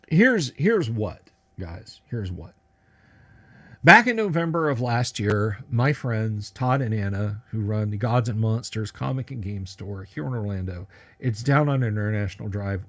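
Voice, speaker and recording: A man hosting a casual livestream at his computer, talking in a rambling, joking way with many fillers and restarts. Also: lowish voice. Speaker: livestream host.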